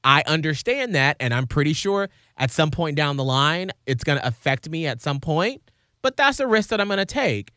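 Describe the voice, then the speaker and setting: A man's voice: fairly high pitch, expressive, normal speed, sharp tone, dry recording, clean studio sound. A man in casual podcast chat, speaking in a reflective, earnest way with many filler words.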